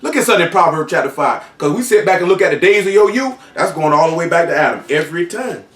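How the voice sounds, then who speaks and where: Echoey, distant preacher, raised voice. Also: male voice, a little high, sing-song, fast talker, a bit bright. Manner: reads scripture aloud, then explains it in loose colloquial speech. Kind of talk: sermon.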